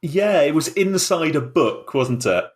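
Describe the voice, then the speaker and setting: A man chatting casually in a film club discussion, easygoing and quick to laugh. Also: on the high side, expressive.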